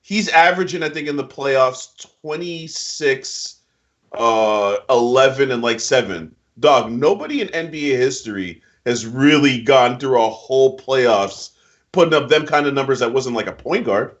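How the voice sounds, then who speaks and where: A man co-hosting a casual NBA picks show gives emphatic, slang-filled basketball opinions. He speaks expressively at a moderate pace, and the audio is muffled and low-fidelity.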